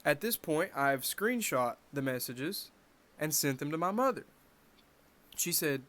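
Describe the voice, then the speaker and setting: A young man in his bedroom telling a personal story to camera in a casual, animated way with wry asides. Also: fairly high pitch, a little slow. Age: young adult. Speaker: vlogger.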